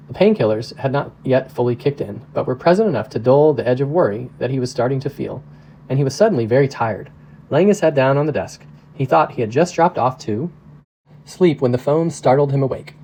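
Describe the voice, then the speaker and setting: Pastor as audiobook narrator: mellow, even, measured man. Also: medium pitch, poor audio. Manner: steady, measured reading. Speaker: pastor reading a novel aloud.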